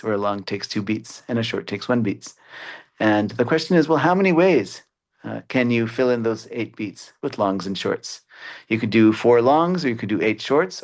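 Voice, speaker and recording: Man lecturing, halting with many fillers. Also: medium pitch. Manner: explanatory, with frequent "uh" fillers. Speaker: mathematics educator. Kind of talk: webinar lecture.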